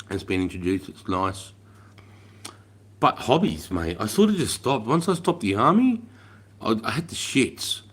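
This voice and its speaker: A very deep-voiced Australian man in his forties hosting a casual livestream. He rambles, swears freely and calls everyone mate. His sentences often trail off into a quieter mutter. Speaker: livestream host.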